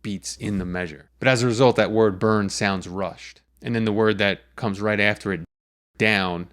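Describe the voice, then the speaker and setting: Low-voiced man teaching songwriting. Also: steady tone, normal speed, a bit bright. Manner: patient, methodical, walks through examples step by step. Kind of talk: explanatory lesson.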